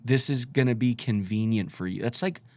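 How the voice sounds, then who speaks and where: A man's voice: mid-range voice, normal speed, a little mellow, no echo. A man co-hosting a podcast, chatting casually about sales and often shifting his tone up and down to make a point. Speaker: podcast co-host. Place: studio.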